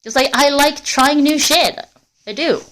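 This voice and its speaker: A woman livestreaming on a walk through a forest, chatting casually to viewers in a rambling, swearing way. She is cold, and her voice rises and falls in loudness as she walks. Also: high voice, measured pace. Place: outdoors in a forest.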